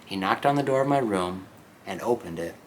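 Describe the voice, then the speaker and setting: Reading a novel to English learners, a low-voiced male teacher breaks off occasionally to clarify vocabulary. He speaks slowly and expressively, explaining as he goes and checking in frequently, while a faint hiss lies beneath his voice.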